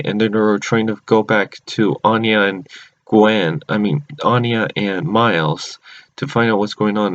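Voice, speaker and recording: A man casually recapping a cartoon episode at home, rambling with many restarts and self-corrections. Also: on the low side. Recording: dull lo-fi recording.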